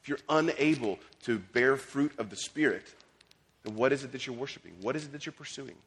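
A man's voice: mid-range voice, brisk, a bit bright, slightly rough. A man preaching a sermon as pastor, conversational, with restarts and casual asides. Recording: long hall reverb.

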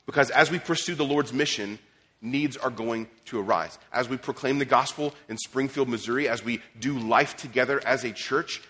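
A man's voice: mid-range voice, normal speed, sharp tone, husky. A man preaching a sermon as pastor, conversational, with restarts and casual asides. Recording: long hall reverb.

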